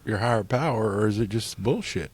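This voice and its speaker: A man's voice: lowish voice, animated, fairly quick, breathy edge. A middle-aged man co-hosting a podcast, talking earnestly and casually about faith and recovery, with frequent "you know"s. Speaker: podcast co-host. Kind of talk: casual spiritual recovery talk.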